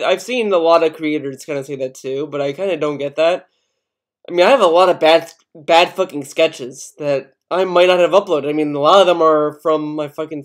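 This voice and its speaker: A young man commenting casually on a video, rambling, swearing a lot and putting on mock outrage. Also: fairly high pitch. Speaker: commentary youtuber.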